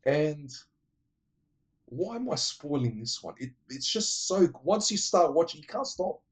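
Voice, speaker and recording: A man casually retelling movie plots in an animated way, adding vocal sound effects. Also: fairly high pitch, a little slow. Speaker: movie reviewer.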